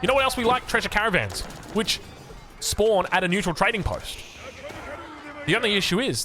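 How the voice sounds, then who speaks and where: An Australian man calls an esports match with animated, joking energy and a voice that swings widely in pitch. He sits a touch higher than most men. Music plays clearly behind him. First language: English. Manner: animated, jokey, self-mocking asides. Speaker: game caster.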